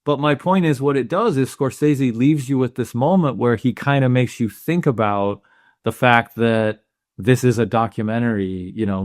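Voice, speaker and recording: A man's voice: mid-range voice, no room sound, studio quality. A man co-hosting a film podcast, talking things through thoughtfully in casual chat, often restarting his sentences. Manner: thoughtful, halting, with restarts and questions. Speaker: podcast co-host.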